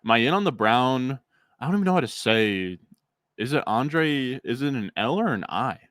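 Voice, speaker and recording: A man's voice: medium pitch, animated, normal speed, fairly bright tone, no echo. A young man streaming a fantasy football draft, chatting casually with his chat and rambling through fillers.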